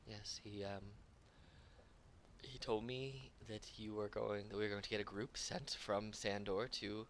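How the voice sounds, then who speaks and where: A man voicing a calm, cool cat-like female boss who speaks quietly and without hurry. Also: lowish voice, slight background noise. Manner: quiet and unhurried.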